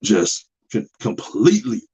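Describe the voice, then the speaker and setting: A man's voice: mid-range voice, sing-song, measured pace, mellow, husky. A man talking in a casual monologue about relationships, plain-spoken and preachy, repeating his points. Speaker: podcast host.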